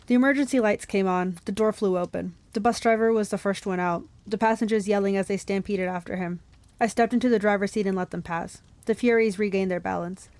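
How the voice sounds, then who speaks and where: A young woman reading a novel aloud for a book club, lively, with laughs and asides. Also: mid-range voice, dry recording.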